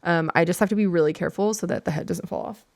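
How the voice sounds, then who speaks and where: On her podcast, a young woman gushes over small keepsakes in bubbly, casual chat loaded with "like." She talks at a racing pace in a lowish, creaky voice with a slightly mellow quality.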